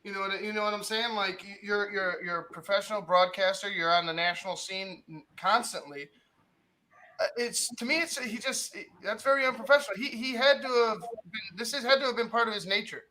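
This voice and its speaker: A man on a sports talk show, animated, stumbling and repeating himself as he retells reactions. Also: high-pitched, brisk, slight background noise, low-quality recording.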